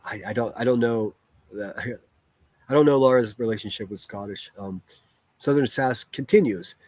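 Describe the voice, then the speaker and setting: A man's voice: mid-range voice, normal speed, a little mellow, no echo. A man ranting bluntly and profanely on a livestream, picking apart online drama and reading viewer chat aloud.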